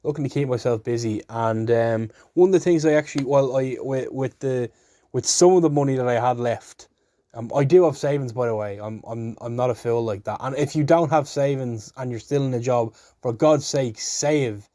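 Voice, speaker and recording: A man's voice: mid-range voice, moderate pace, warm tone, no echo, studio quality. A young man hosting a solo podcast, rambling casually with jokes and swearing. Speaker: podcast host.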